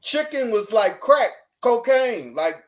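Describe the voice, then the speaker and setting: High-voiced animated male storyteller. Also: slow. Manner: lively, laughing, acts out dialogue in his story. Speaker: podcast guest.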